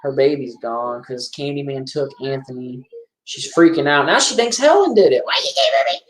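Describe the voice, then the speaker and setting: A man's voice: medium pitch, moderate pace. Chatty man in an echoey room. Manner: chatty, excitable, rambling with restarts. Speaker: movie commentator. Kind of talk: casual movie commentary.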